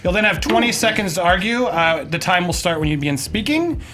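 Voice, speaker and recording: A man hosting a casual debate show, briskly explaining the rules of a speed round to the panel. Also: high-pitched, lively intonation, fairly bright tone, a little hiss or hum. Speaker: host and judge of a debate show.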